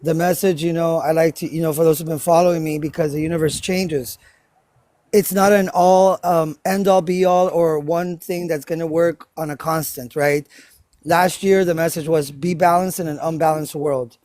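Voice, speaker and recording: A man talking through astrology as a livestream guest, halting often with ums and uhs as he explains. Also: on the high side, steady tone, darkish tone, no room sound. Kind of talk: casual astrology talk.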